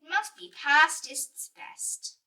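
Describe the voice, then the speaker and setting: A woman doing a booming greedy storybook bear. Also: creaky, pushed and bright, distant mic, heavily acted. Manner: booming, slow and possessive. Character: big greedy grumbling male bear. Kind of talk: storybook read-aloud.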